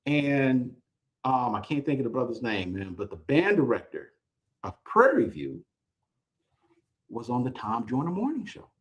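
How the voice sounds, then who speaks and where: A man hosting a live podcast, telling a long story with energy, often repeating words and rising in pitch when excited. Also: moderate pace, pauses often, lo-fi sound. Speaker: podcast host.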